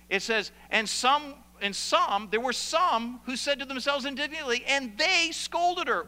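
High bright voiced man preaching, long church reverb. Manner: animated preaching, acting out church members' complaints. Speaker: pastor. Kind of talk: sermon.

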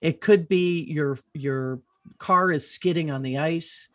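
A middle-aged woman hosting a podcast, telling an animated, rambling story in casual chat and swearing freely. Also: low-pitched, slow pace, no room sound, clean studio sound.

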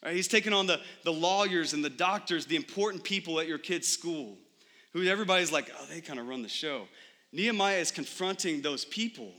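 A man's voice: high-pitched, brisk, bright, forceful tone. A young adult man preaching a sermon in church, conversational, with frequent rhetorical questions to the congregation. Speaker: pastor.

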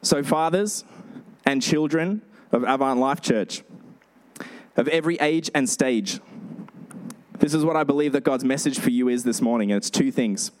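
A male pastor giving a sermon, telling lively stories with animated delivery. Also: mid-range voice, moderate pace, pauses often. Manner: storytelling, animated.

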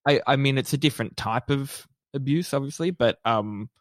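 A man's voice: mid-range voice, moderate pace, dry recording, studio quality. A man with a lisp co-hosting a casual podcast, rambling and hesitant, filling his talk with "like" and "kind of". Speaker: podcast co-host. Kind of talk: casual chat.

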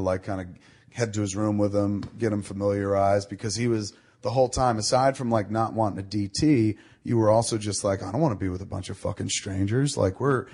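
Low-voiced man telling a swearing story. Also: slightly rough. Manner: swearing, animated storyteller quoting others. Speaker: podcast host. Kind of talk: casual storytelling.

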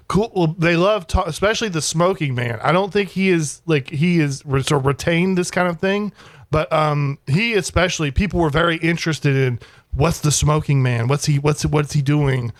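A man co-hosting a podcast in casual chat, halting and searching for words. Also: on the high side, no echo, clean studio sound. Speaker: podcast co-host.

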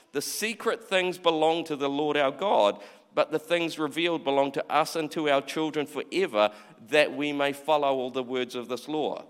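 A man's voice: on the high side, a bit bright, smooth. Conversational male preacher in a reverberant hall. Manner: conversational, acts out quoted voices, repeats himself. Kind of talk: sermon. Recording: long reverb of a large hall.

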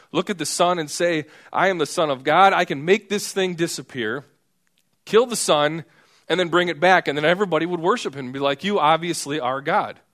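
A man's voice: fairly high pitch, fairly bright tone. A man preaching a sermon in a conversational way, acting out the people in the story. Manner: conversational, acts out quoted characters.

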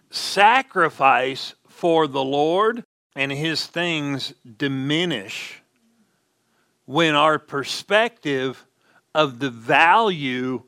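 A man's voice: on the high side, sharp tone. A man preaching a sermon as pastor, stressing key words and checking in with the congregation.

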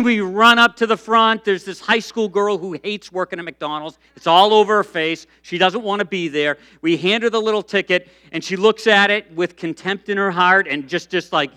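A middle-aged man preaching a sermon, telling stories in a lively way with frequent restarts and fillers. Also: high-pitched, moderate pace, few pauses. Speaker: pastor.

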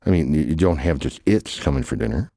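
A grumpy, sarcastic man voiced by a man scolds his lazy friends. His voice is extremely deep and dark. The sound is dry and close. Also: lively intonation, fast, creaky, no room sound, full character voice. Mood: baffled.

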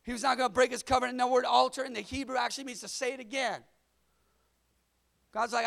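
A man preaching a lively sermon, shouting at the peaks and calling on the congregation to answer back. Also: very high voice, quick pace, creaky, pauses often. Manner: energetic, shouting at peaks, call-and-response. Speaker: pastor.

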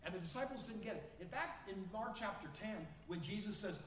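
Male pastor, earnest sermon, slightly high voice, roomy church sound, heard from a distance. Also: animated, fairly quick, few pauses, a bit bright, a little hiss or hum. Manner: earnest preaching, acting out quoted voices with sudden rises in pitch.

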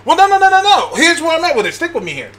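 A man in casual chat, excitable and laughing as he pitches ideas, swearing freely along the way. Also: rapid-fire.

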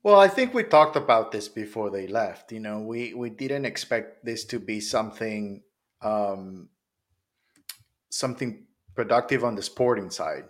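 Measured male podcast co-host from Honduras. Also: lowish voice, animated. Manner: measured, thoughtful, lots of "you know". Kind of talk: casual chat.

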